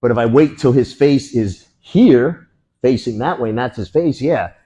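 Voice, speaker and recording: Husky man demonstrating strikes to a class. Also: moderate pace, low-quality recording. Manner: animated, punctuates moves with boom and bang. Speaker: martial arts instructor.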